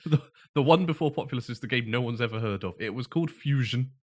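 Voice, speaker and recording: Guy on a podcast, mid pitch, chatty storyteller, laughs a lot. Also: lively intonation, racing. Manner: laughs often while telling a story. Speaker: podcast co-host. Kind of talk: casual chat.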